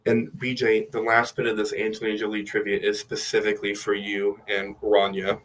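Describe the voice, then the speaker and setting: A man's voice: lowish voice, completely flat delivery, a little fast, a bit bright, low-quality recording. Male co-host, casual movie podcast chat, teasing, swears for laughs. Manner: joking, teasing, profane.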